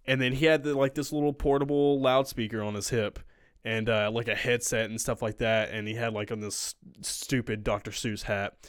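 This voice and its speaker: Animated young man, dry close sound. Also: mid-range voice, moderate pace, clear, resonant tone, no echo. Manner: animated, acts out quoted people loudly. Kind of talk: casual storytelling chat.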